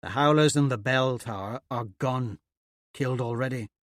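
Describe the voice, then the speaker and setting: A man narrates a fantasy audiobook in a steady, measured delivery. His voice sits in a middle pitch. The recording is dry and close, with no room sound. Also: dry recording. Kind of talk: scripted narration.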